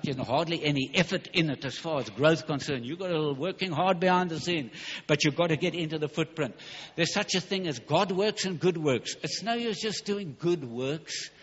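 A man preaching a fervent sermon, emphatic and hurried, stumbling over words at times. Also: a little high, breathy edge. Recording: dull recording in a large hall.

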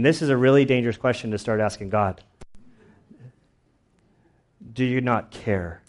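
A man's voice: mid-range voice, fairly quick. A young adult man preaching a sermon in a casual, conversational way, with plenty of fillers and little acted-out quotes. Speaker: pastor.

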